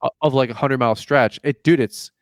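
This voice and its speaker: A man's voice: medium pitch, fairly quick, no echo, clean studio sound. A man hosting a casual podcast, telling stories with lots of laughter and acting out both sides of conversations. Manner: joking storyteller, acts out quoted exchanges; laughs often. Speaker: podcast host.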